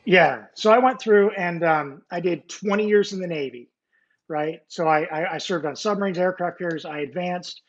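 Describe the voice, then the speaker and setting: A high-voiced American man in his forties, once a Navy nuclear technician, tells his story at a normal pace in a casual interview. He rambles with lots of fillers and restarts and jokes self-deprecatingly about being a nerd. The video call audio is muffled.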